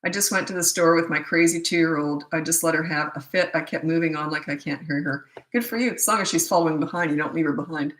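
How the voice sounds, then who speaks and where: A woman's voice: low voice, quick pace, few pauses, fairly bright tone. A middle-aged woman hosting a casual parenting Q&A, telling anecdotes and acting out what people said. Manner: chatty storyteller who acts out quoted remarks. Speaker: parenting coach and show host. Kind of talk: casual live Q&A chat. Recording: roomy echo.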